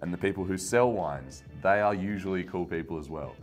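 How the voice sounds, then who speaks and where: A young man talks straight to camera in a rambling, self-mocking rant that keeps climbing into exasperation. His voice sits a little low, and soft music plays faintly behind him. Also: a little fast. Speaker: wine channel host.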